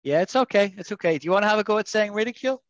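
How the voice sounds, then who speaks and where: A man teaching an English vocabulary lesson in an online class, patiently coaxing students and modelling pronunciation slowly. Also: high-pitched, lively intonation, dry recording, highs cut off. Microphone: video call.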